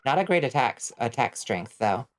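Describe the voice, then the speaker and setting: A woman's voice: rumbling low, sing-song, normal speed. An American woman streaming a game, giving casual commentary as she thinks aloud, bemused and swearing freely. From United States. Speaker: vtuber streamer.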